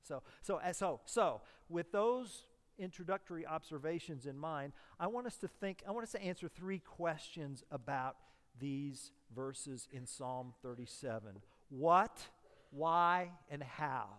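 A male pastor preaching a sermon to his congregation. He talks emphatically, repeats his key phrases, and swings between hushed and loud delivery. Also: on the high side, animated, measured pace. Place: church sanctuary. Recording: long reverb of a large hall.

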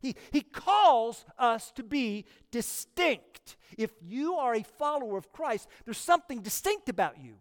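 Slow, lively preacher in a reverberant hall. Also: mid-range voice. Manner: emphatic, repeating words for stress. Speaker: pastor. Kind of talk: sermon.

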